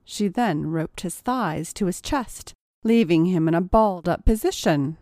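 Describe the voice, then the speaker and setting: A woman narrating an adult audio story in a steady, even storytelling manner. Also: fairly low pitch, slow pace, dry recording, clean studio sound. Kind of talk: erotic audio story reading.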